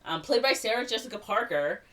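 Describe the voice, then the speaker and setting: A woman's voice: medium pitch, brisk, recorded from a distance, crowd noise. A young woman on a podcast casually retelling a movie, rambling with lots of fillers and little put-on voices for the characters. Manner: rambling, filler-heavy recap with animated quoted voices. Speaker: podcast co-host retelling a film. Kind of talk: casual chat.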